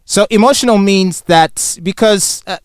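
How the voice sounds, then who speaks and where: A man with a Ugandan English accent, co-hosting a radio show, arguing in a measured, precise and lawyerly way. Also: sits high, smooth, no room sound, studio quality. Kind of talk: heated studio debate.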